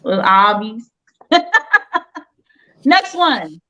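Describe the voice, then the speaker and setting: A woman's voice: on the high side, expressive, slow, a bit bright. A woman hosting a casual online quiz show, playful and teasing with the players. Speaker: game show host.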